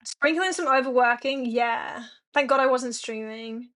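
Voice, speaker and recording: A woman's voice: on the high side, a little slow, fairly bright tone. A young woman streaming from home, chatting frankly and swearing a lot as she rambles to her viewers. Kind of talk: casual chat to a live stream audience.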